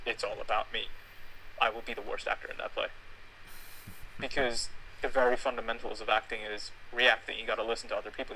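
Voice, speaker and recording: A man's voice: on the low side, pushed and bright, slight background noise, rough recording. A young man, a theatre actor and director, speaking as a guest in an earnest, reflective and emphatic way. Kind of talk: casual conversation.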